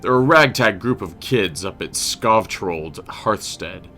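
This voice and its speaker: A man reading a gruff wolf shaman. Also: lowish voice, animated, slow, bright, forceful tone, soft background music, heavily acted. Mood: earnest. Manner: reads quest dialogue aloud, stumbling. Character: gruff male wolf shaman, protective of orphans.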